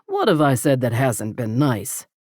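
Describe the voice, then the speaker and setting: A woman's voice: rumbling low, huge pitch swings, measured pace, a little mellow, no room sound, clean studio sound, heavily acted. A woman voicing a guarded, protective grown rancher man who answers in short, blunt lines. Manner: terse, clipped replies.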